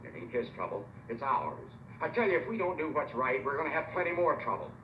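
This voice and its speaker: A man's voice: medium pitch, sing-song, a little fast, a bit bright, a little hiss or hum. An actor playing an indignant townsman who scolds the crowd in an earnest manner. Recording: distant, echoey old film sound.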